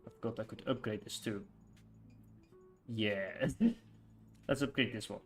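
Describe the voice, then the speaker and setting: A man streaming a city-building game in casual chat, rambling with lots of fillers and quick laughs. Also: on the low side, soft background music. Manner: rambling, hesitant, full of fillers and frequent laughs. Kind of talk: casual live-stream chat while playing.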